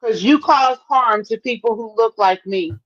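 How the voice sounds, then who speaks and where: A woman's voice: a little high, moderate pace, no echo. A woman panelist mocking a guest in a sassy way during a heated live debate, over a dull lo-fi call.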